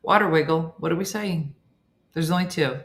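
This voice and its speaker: Low-voiced chatty woman host. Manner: chatty, quick reactions and asides. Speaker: host reading viewer comments. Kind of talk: casual chat.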